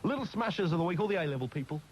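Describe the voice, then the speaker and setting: A man hosting a radio show, chatting in a jokey, lively way. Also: on the high side, rapid-fire, low-quality recording. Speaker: radio host. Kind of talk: casual radio chat. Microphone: studio microphone. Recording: faint background noise on an old radio recording.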